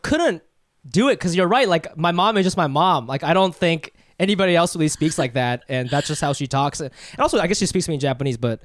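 A man co-hosting a podcast in casual chat, excitable and laughing often, stammering and repeating himself. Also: fairly high pitch, fast, dry recording. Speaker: podcast co-host.

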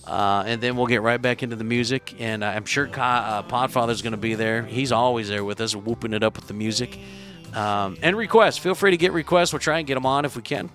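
A man's voice: mid-range voice, brisk, fairly bright tone, soft background music. A man hosting a casual livestream. He rambles with lots of fillers and says he is losing his voice. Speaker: livestream host.

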